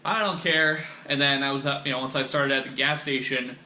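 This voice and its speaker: A man's voice: mid-range voice, fairly even intonation, brisk, bright, forceful tone, slight background noise. A young man hosting a podcast, telling a candid personal story in a rambling, profane way full of fillers and restarts. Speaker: podcast host. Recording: echoey room.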